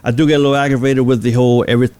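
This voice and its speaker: Casting: male podcast co-host from South Louisiana, lively chatty delivery that rises when he argues a point. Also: rapid-fire. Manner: animated, rising in pitch when making a point. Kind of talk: casual chat.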